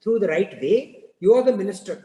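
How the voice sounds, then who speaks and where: A man's voice: high-pitched, lively intonation, a little fast, mellow, a little hiss or hum. A man voicing an irritated, impatient king in a told story, complaining in exasperated bursts inside an echoing hall. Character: irritated impatient male king, quick to anger. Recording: echoey hall with long reverb.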